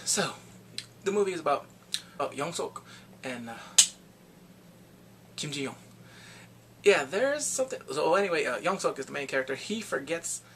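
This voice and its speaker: A man casually retelling a movie's plot in a rambling, excitable way, acting out the characters' lines. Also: fairly high pitch, slight background noise. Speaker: movie reviewer. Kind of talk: casual movie review vlog.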